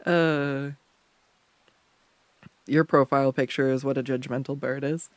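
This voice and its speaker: A man's voice: medium pitch, very animated, extremely slow, long pauses, dry recording. A man streaming his drawing work, chatting casually, laughing often and joking about himself. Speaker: art streamer. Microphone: desktop USB condenser mic.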